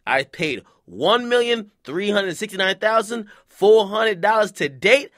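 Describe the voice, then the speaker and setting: Animated, profane young man ranting. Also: high-pitched, no room sound, studio quality. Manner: animated, profane, slangy street talk. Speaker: YouTube commentator. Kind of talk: casual celebrity gossip rant.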